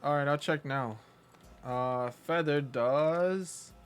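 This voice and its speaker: A man's voice: fairly high pitch, slow pace, clean tone. A man casually commenting on his live gameplay in a playful, jokey way, laughing often. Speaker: game streamer. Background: faint game music.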